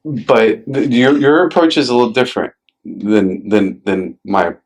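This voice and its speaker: A man's voice: mid-range voice, animated, measured pace. A man hosting a podcast in a casual chat. He tells stories with many fillers and swears now and then, and acts out quotes in a raised voice. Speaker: podcast host.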